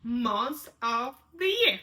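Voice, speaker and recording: Female sign language teacher, high bright voice, patient and repetitive, checks in often. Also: sing-song, slow. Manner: patient, repeats each sign word, checks in with "right?". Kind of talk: step-by-step instruction.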